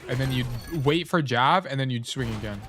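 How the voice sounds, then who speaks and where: A man's voice: mid-range voice, animated, a little fast, a bit bright. Blunt, profane male game coach. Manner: blunt, swears freely, corrects himself often; talks while eating. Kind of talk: casual gameplay review coaching.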